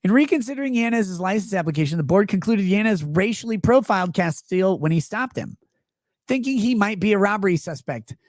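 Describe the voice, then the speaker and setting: Fairly quick and animated, his high voice comes through in studio quality with no echo. He hosts a laid-back legal commentary livestream, reading chat aloud and responding with sarcastic riffs.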